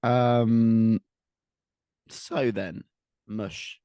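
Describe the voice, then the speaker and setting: A man's voice: lowish voice, fairly even intonation, extremely slow, warm tone, smooth, no echo, studio quality. A man co-hosting a casual podcast chat, joking and offhand. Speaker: podcast co-host.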